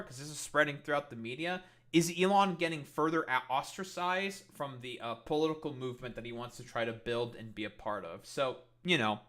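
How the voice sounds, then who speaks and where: A man's voice: fairly high pitch, pushed and bright. A young man streaming, chatting casually in a rambling, sarcastic way with lots of swearing. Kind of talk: casual live-stream commentary.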